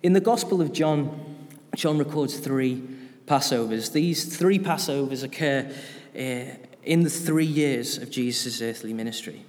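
A man's voice: medium pitch, measured pace, darkish tone, in a large hall. A man preaching an informal sermon in a church, chatty and often putting questions to the congregation.

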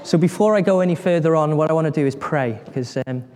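A man gives a sermon, retelling scripture with lively, acted-out voices and questions to the congregation. His voice sits slightly high for a man. The sound carries a long reverb, as in a large hall. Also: fast. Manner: animated storytelling, acts out voices, asks the congregation questions. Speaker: preacher.

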